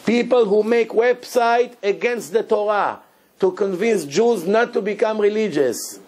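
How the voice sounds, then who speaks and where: Man, rabbi, Torah lesson, high-pitched, animated, broken English. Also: unhurried. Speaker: rabbi teaching a Torah class.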